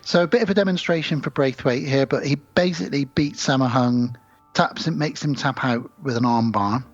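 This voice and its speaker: A man's voice: mid-range voice, fairly quick, no echo, lo-fi sound. A man co-hosting a podcast, casually retelling film scenes and acting out the lines. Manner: animated storyteller acting out lines. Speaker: podcast co-host.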